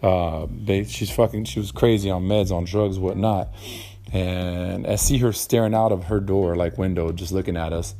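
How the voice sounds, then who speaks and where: A man's voice: low voice, steady tone, moderate pace, mellow. A young man hosting a casual solo podcast, rambling and swearing freely with lots of ums and uhs. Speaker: podcast host.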